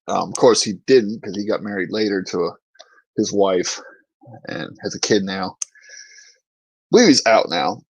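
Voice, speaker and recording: Low-voiced man telling rowdy stories. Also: moderate pace, long pauses, slightly rough, no room sound, low-quality recording. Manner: profane, laughs through his stories. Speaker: podcast host, former Marine infantryman. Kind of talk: casual storytelling chat.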